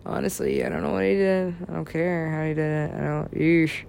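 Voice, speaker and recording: A woman's voice: low voice, steady tone, brisk, vocal fry, a little mellow, a little hiss or hum. A woman in casual chat, rambling and swearing freely. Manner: profane, rambling.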